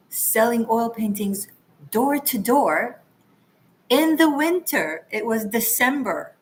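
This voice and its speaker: A woman's voice: mid-range voice, a little hiss or hum, low-quality recording. A woman from Israel hosting a tarot livestream, chatting casually with viewers in a rambling, laughing way. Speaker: tarot reader and livestream host.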